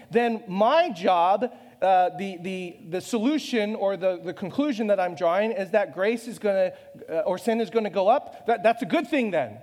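A man's voice: high voice, a little mellow, long reverb tail. A man preaching a sermon in a loose, conversational way, joking at his own expense and firing off rhetorical questions. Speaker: pastor.

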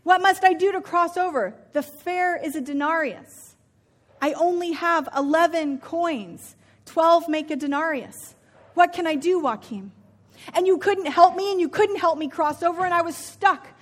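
A woman voicing a frantic rich master who talks in a loud, urgent, pleading way. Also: very high-pitched, normal speed, voice pushed up. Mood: distraught.

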